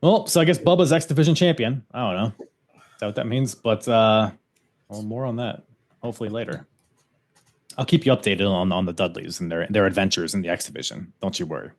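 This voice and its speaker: A man's voice: lowish voice, fairly quick. A man hosting a podcast, recapping events in a loose, casual chat and laughing often. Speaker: podcast host.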